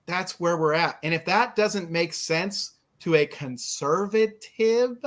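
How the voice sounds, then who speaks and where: A man's voice: high-pitched, unhurried, few pauses, fairly bright tone. A man who serves as a state representative, speaking in a hesitant way with frequent restarts on a video call. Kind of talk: casual political discussion.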